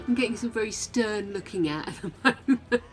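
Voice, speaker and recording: A woman's voice: a little high, expressive, unhurried, soft background music. A British woman streaming gameplay in casual chat, cooing fondly at her dog and laughing often.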